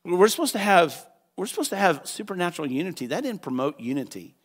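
A male pastor preaching a sermon in a church, animated and acting out voices, at times rising to a shout. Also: high voice, quick pace, slightly rough. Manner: animated, acts out quoted voices, rises to shouts.

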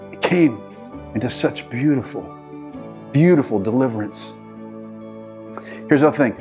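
A middle-aged man preaching a sermon with passion, swinging from loud, urging calls to hushed, intense storytelling. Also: medium pitch, lively intonation, a little slow, over music. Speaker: pastor.

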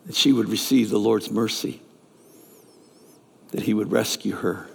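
A man's voice: lowish voice, steady tone, measured pace, vocal fry, breathy edge. A man preaching a sermon, telling a story and acting out the characters' lines in raised voices. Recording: long reverb of a large hall.

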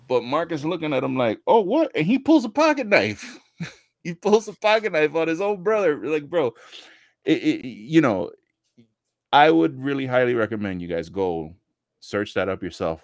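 A man on a casual wrestling podcast, telling animated stories, swearing freely and acting out the people he quotes. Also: mid-range voice, no echo, studio quality. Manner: animated storytelling, heavy swearing, acts out quotes.

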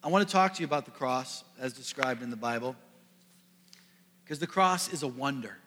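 A pastor from the Midwest preaching a sermon to a congregation, earnest, building to emphatic peaks and dropping soft. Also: male voice, mid-range voice, animated, moderate pace, slight background noise. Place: church sanctuary. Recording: long reverb of a large hall.

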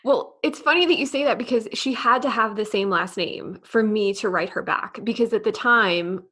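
Podcast guest, woman, New York accent, slight lisp, animated storyteller, lots of "like". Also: fairly high pitch, moderate pace, breathy edge. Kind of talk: casual interview chat.

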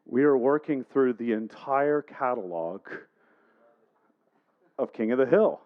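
A man's voice: mid-range voice, animated, slow, narrow, tinny audio. A man preaching a sermon, telling a personal story in a conversational way and putting questions to the congregation. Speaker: pastor.

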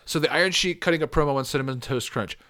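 A man hosting a show, chatting casually and reacting with excited laughs and swearing as he types prompts. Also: fairly high pitch, fast talker. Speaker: podcast host. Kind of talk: casual commentary while typing prompts.

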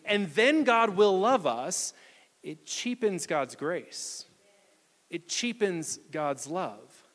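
A male pastor preaching a sermon in a church, reading scripture aloud and explaining it with animated delivery. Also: high-pitched, in a large hall. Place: church sanctuary.

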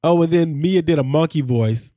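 A man co-hosting a podcast in casual chat, animated and jokey. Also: fairly high pitch, no echo, clean studio sound. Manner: animated, jokey, quick asides. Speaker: podcast co-host.

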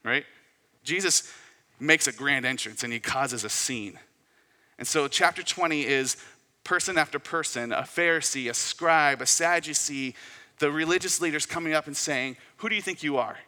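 Guy preaching, really bright voice, casual storytelling vibe, long hall reverb. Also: fairly high pitch, moderate pace. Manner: conversational, storytelling with acted quotes. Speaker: pastor. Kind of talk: sermon.

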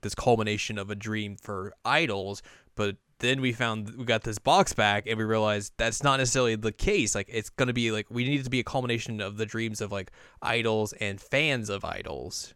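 A young man co-hosting a casual chat, retelling scenes with lively put-on character lines. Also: lowish voice, clear, resonant tone, no room sound, studio quality. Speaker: podcast co-host recapping an anime.

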